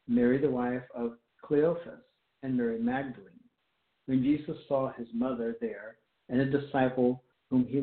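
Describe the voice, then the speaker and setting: Slow, deliberate male preacher, echoey tinny sound. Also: mid-range voice. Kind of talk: sermon with scripture reading.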